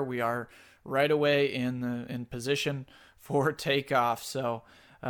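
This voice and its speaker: A man hosting a podcast, chatting in a relaxed way about a board game. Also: fairly high pitch. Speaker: podcast host. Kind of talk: casual board game review and outro.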